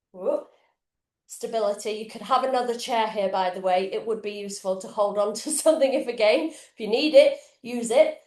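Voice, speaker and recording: A woman's voice: on the high side, a little mellow, roomy sound. A woman fitness coach demonstrating exercises in her kitchen, talking casually and swearing freely while out of breath. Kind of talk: live online workout demonstration. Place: home kitchen, indoors.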